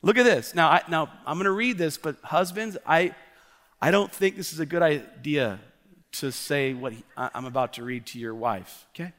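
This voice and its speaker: High-voiced, fervent male pastor preaching. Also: normal speed, a bit bright. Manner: fervent, with frequent restarts and asides. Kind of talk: sermon. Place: church sanctuary. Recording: long church hall reverb.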